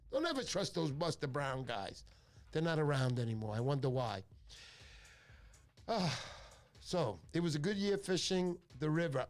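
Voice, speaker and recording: Joking, rambling New man, lively pitch. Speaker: fishing show host. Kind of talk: casual livestream chat.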